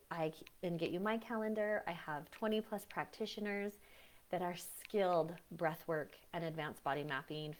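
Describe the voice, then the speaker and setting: A woman breathwork coach talking on a live stream, chatty and animated, often acting out what other people say. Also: mid-range voice. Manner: frequent fillers and restarts. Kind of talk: live-stream teaching talk.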